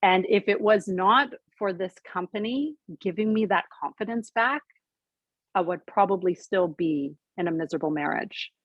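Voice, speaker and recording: Woman, mid-pitched voice, earnest testimony, fillers, lo-fi call audio. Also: normal speed, no echo. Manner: earnest, heartfelt, many "like" fillers. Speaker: guest sharing her story. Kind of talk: personal testimony on a video call.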